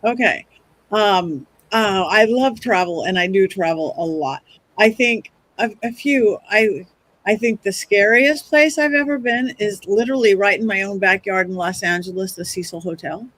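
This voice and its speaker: A middle-aged woman and psychic medium, telling stories on a podcast in a chatty, animated way, often restarting her sentences. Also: mid-range voice, moderate pace. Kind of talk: casual podcast storytelling.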